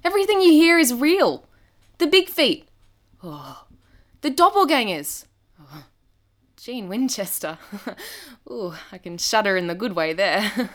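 A woman's voice: on the high side, very animated, unhurried, pauses often, fairly bright tone. A woman playing a bubbly young radio host with chirpy on-air patter in a comedy audio drama, exasperated by her sister.

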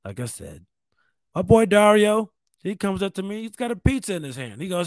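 A man's voice: high voice, very animated, normal speed, no echo. A man from New York State hosting a show, talking in a rambling, profane, self-mocking casual monologue. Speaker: podcast host.

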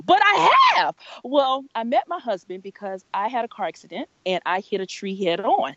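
A woman in her forties telling her life story as a guest, laughing often and quoting people in lively voices. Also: a little high, normal speed, no echo, lo-fi sound. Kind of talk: candid personal storytelling.

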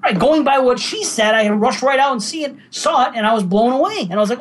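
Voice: sits high, lively intonation, quick pace, low-quality recording. A podcast host reflecting and telling stories in an easygoing way during casual banter.

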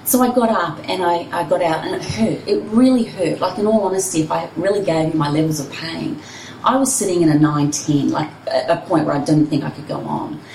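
A woman's voice: on the low side, brisk, darkish tone, roomy sound, far from the mic, slight background noise, rough recording. A woman, a personal trainer and runner, telling her story candidly and expressively in an interview.

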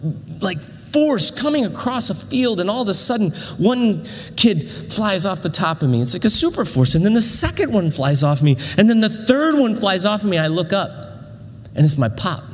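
Animated pastor in a reverberant hall. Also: male voice, sits high, moderate pace. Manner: animated, dramatic storytelling with self-interruptions. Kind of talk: sermon storytelling. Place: church auditorium.

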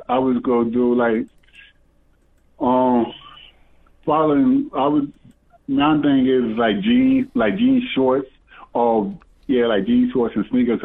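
A man calling in on a phone, rambling and hesitant, stopping and restarting with many fillers. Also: medium pitch. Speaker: caller. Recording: tinny phone line.

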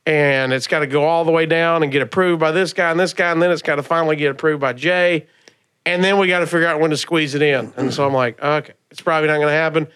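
A comedian from Alabama with a Southern accent tells stories on a podcast. His voice sits a little high for a man. He talks in a loose, lively way and laughs often as he acts out what others said. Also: fast, clear, resonant tone. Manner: animated, laughing through stories, acting out others' lines. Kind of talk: casual storytelling.

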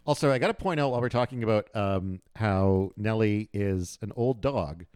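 A man's voice: lowish voice, normal speed, darkish tone, clear, resonant tone. A man co-hosting a podcast, chatting with enthusiasm and playfully acting out lines from a comic. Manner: enthusiastic, playful, acts out quotes. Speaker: podcast co-host. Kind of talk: casual book-club chat.

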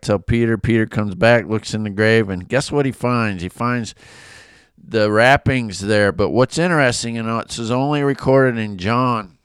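A man's voice: lowish voice, clear, resonant tone, dry recording, studio quality. A man leading a casual devotional Bible study, enthusiastic and conversational.

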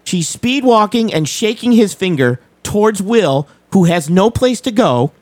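A man's voice: high voice, lively intonation, measured pace, a little mellow, no echo. A man hosting a live show, commenting on a clip, repeating key points with emphasis. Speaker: host commenting on a played clip.

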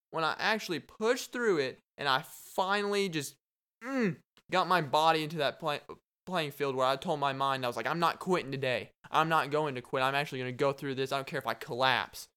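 Young man, joking and animated, smooth and clear tone, solo podcast monologue. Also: medium pitch. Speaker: podcast host.

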